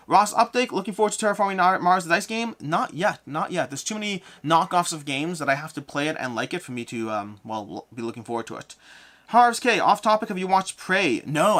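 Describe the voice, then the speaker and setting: Quick, bright-voiced man answering chat. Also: medium pitch. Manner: rambling, self-correcting, reads names loudly. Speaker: board game channel host. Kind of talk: live stream Q&A, reading chat questions.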